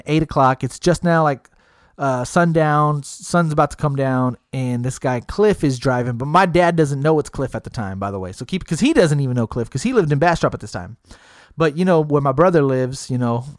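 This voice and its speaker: A man's voice: on the high side, dry recording, studio quality. A man telling a long story in casual talk, swearing a lot and jumping into other people's voices as he quotes them. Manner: profane, animated, jumps into other people's voices.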